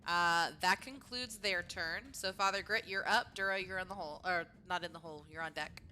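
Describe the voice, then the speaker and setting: A woman running a tabletop game as dungeon master, chatty and quick to laugh. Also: on the low side, sharp tone, soft background music.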